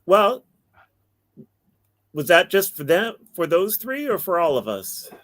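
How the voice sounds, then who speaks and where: A man's voice: high voice, sing-song, slow, a bit bright. A man playing a tabletop game, talking in a folksy, polite way. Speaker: player.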